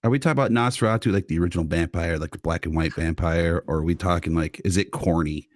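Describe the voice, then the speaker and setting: A man's voice: low voice, quick pace, dry recording, clean studio sound. A man co-hosting a podcast, asking questions and joking in loose casual chat. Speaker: podcast co-host.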